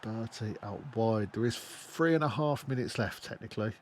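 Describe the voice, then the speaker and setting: A young man giving casual, expressive let's-play commentary on a football management game, swearing freely. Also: fairly low pitch, moderate pace, slight background noise. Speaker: gaming YouTuber.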